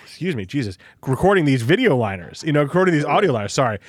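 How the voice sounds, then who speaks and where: This podcast host is a man with a fairly high voice that swings widely in pitch, and he talks rapid-fire. In a casual interview chat, he rambles, repeats himself, and swears freely. The recording is dry, with clean studio sound.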